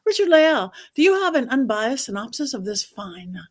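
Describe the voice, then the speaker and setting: A woman's voice: on the high side, big pitch swings, normal speed. A woman hosting a livestream movie show, introducing guests with upbeat, theatrical flair. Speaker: host.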